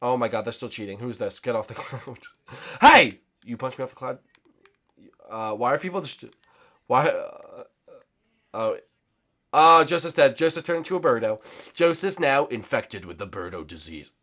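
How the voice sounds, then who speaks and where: Excitable young man doing game commentary. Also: medium pitch, moderate pace, pauses often. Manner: excitable and teasing, with sudden shouts. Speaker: gaming channel host.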